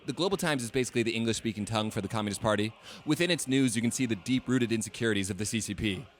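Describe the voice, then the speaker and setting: A man in his late twenties tells a story in a scripted, comedic voice-over. He speaks at a mid pitch with a wry, sarcastic delivery. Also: rapid-fire. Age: late 20s. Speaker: video essay host.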